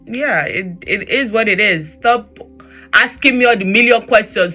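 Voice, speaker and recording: A woman's voice: medium pitch, unhurried, faint music behind. A woman with a Nigerian accent hosting a casual solo podcast, talking animatedly and slipping into pidgin. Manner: animated, switches into pidgin, laughs often. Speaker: podcast host. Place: Germany.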